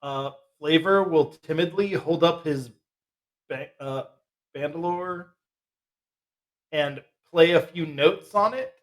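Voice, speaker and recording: A man playing a satyr bard at a tabletop game, with a high voice. His talk is casual and laid-back, full of slang and loose, easygoing phrasing. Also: takes it slowly, long pauses. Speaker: player.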